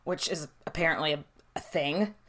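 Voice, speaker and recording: A woman's voice: low voice, normal speed, fairly bright tone. A woman co-hosting a podcast, adding wry, sarcastic commentary to a history story. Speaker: podcast co-host. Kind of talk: casual chat.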